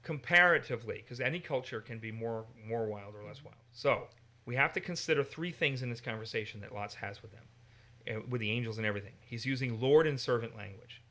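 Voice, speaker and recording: Bright-voiced American man teaching animatedly. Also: mid-range voice, fairly quick. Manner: animated, acts out exaggerated voices in examples. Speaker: Bible teacher. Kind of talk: casual teaching discussion.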